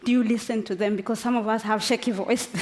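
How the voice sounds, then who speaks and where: A Kenyan woman in her forties gives an unscripted, emotional personal speech, passionate and emphatic, close to tears and laughing between phrases. Her voice is a little high and darkish, with fairly even intonation, and she speaks fast. A long reverb fills the large conference hall.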